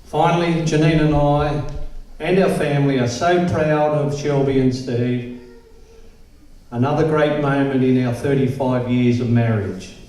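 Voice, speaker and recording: An older man gives a wedding toast in a slow, deliberate cadence. His voice is mellow and slightly high, and it comes from far off the mic in a very echoey hall. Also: fairly even intonation. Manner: slow, measured delivery. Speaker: father giving a wedding toast.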